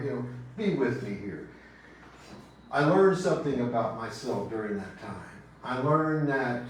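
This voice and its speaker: A man with a Texan accent preaching a sermon as pastor, speaking gently and reflectively with long pauses. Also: mid-range voice, slight background noise. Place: church sanctuary. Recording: echoey church sanctuary, distant mic.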